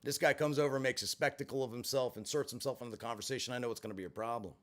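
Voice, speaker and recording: A man hosting a livestream, telling a story in a casual, blunt and profane way, swinging from flat to heated. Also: mid-range voice, racing. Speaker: livestream host.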